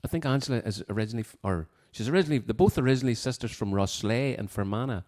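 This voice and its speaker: A man's voice: medium pitch, very fast, a little mellow. A man chatting casually between songs as host, rambling as he reads out requests and birthday wishes from a piano room at home. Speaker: host of a live music show.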